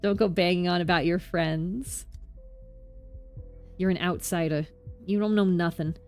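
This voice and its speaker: A woman's voice: on the low side, fairly even intonation, measured pace, faint music behind. A woman voicing a surly male thug from a game who distrusts outsiders and speaks bluntly.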